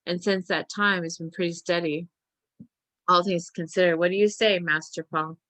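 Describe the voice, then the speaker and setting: A woman voicing a respectful male groom who speaks in a hushed, reverent way and calls people sir. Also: fairly low pitch, steady tone, moderate pace, no room sound, natural voice.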